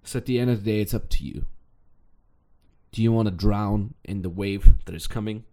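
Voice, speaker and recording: A man's voice: fairly low pitch, normal speed. Blunt, pushy male podcast coach. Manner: pushy, blunt and energetic, repeating key phrases. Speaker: podcast host and online business coach. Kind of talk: motivational podcast monologue.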